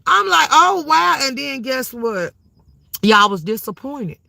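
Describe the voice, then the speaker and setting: A woman's voice: on the high side, sing-song, unhurried, gravelly, pushed and bright, no echo. A woman hosting a livestream, giving casual, profane gossip commentary to her chat with frequent laughs. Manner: brash and profane, laughing often, calling the chat "baby". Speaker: livestream host.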